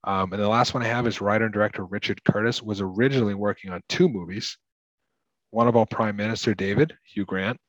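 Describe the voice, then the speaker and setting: An American man co-hosting a casual film discussion, chatty, often restarting and clearing his throat. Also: on the low side, steady tone, fast, no echo, muffled recording. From United States. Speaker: podcast co-host.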